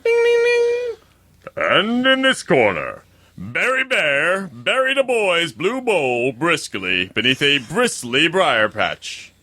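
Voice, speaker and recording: A man voicing a loud male boxing ring announcer with drawn-out, showy announcing. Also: fairly high pitch, huge pitch swings, no room sound, full character voice. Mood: hyped.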